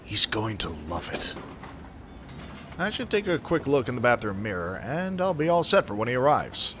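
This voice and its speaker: Brief: a hopeful young romantic, voiced by a streamer with a bright, animated tone. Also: male voice, medium pitch, normal speed, a little hiss or hum. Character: hopeful young man awaiting a date.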